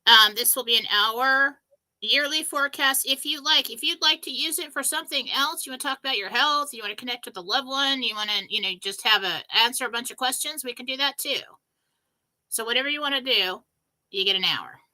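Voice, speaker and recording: Bright, breezy woman co-hosting a stream. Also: high voice, brisk, rough recording. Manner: breezy, with many "um"s and "okay?" tags. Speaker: psychic reader, co-host. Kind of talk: casual live-stream chat.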